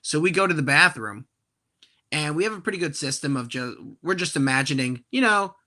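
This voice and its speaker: A young man in his twenties telling a profane, animated story on a casual podcast. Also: fairly high pitch, a little fast. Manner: animated, profane, acts out quoted voices loudly.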